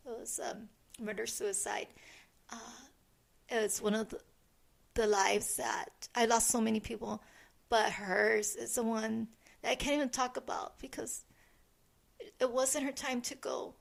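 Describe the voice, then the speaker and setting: A middle-aged woman co-hosting a podcast, speaking softly and haltingly with many restarts. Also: fairly high pitch, creaky. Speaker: podcast co-host, medium. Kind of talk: casual chat.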